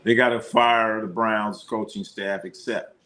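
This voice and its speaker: A man hosting a live sports watch party, talking loosely and animatedly, quick to laugh and swear as he reacts to the game. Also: on the low side, steady tone, sharp tone. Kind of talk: casual live sports commentary.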